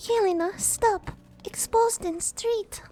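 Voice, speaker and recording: A man's voice: very high voice, normal speed, darkish tone, voice pushed up. A man voicing a blunt female harpy soldier who speaks in clipped, broken phrases. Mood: exasperated.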